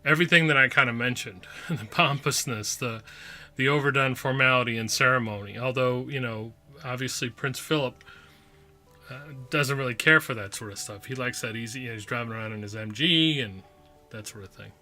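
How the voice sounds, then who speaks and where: A man's voice: medium pitch, brisk, pushed and bright, faint music behind. A man hosting his own podcast, talking casually and playfully with lots of repetition and asides. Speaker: podcast host. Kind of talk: casual solo review.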